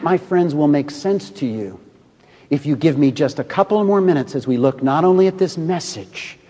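A man with a high, ringing voice delivers a sermon from the pulpit. He tells stories with drama, dropping to a hush and then building back up. A long hall reverb trails every phrase. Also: slightly rough. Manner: storytelling, dramatic swings from booming to hushed. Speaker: preacher.

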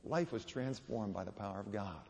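A man's voice: fairly low pitch, animated, moderate pace, gravelly, darkish tone. A man preaching a sermon in a church, telling stories and building to emphatic peaks. His voice rings out with a long reverb around it. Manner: storytelling with rising emphasis. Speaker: guest preacher. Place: church or hall.

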